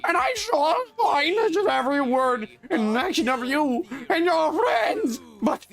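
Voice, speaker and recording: A streamer putting on a put-on British accent to voice a grand, shouting blue sea monster from a game. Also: high-pitched, very animated, measured pace, vocal fry, pitched above the performer's own voice, full character voice.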